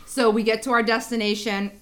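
A woman's voice: fairly high pitch, fairly even intonation, moderate pace, fairly bright tone. A middle-aged woman co-hosting a podcast, animatedly telling a family story and laughing along. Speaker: podcast co-host. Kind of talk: casual storytelling chat.

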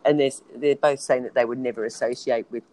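A low-pitched woman chatting loosely with a friend. She rambles, circles back and speaks her mind with casual swearing. Her tone is relaxed and unscripted. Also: fast talker, poor audio. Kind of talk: casual reality-TV gossip chat.

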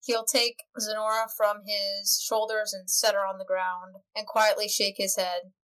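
A woman's voice: mid-range voice, level tone, unhurried, a bit bright, rough recording. Woman player describing what her guy does, dry and matter-of-fact. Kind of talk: narrating her character's actions.

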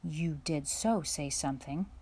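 A woman's voice: low-pitched, a little slow, breathy edge, full character voice. A woman reading aloud, voicing a bossy older sister who scolds and nags her little brother in a raised voice. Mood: bossy, scolding. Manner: sharp, scolding, nagging.

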